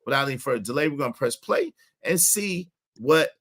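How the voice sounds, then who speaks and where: A man hosting a live stream, giving shout-outs and reacting to clips in casual, repetitive chat. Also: medium pitch, expressive, brisk. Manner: chatty, repeats phrases, gives shout-outs.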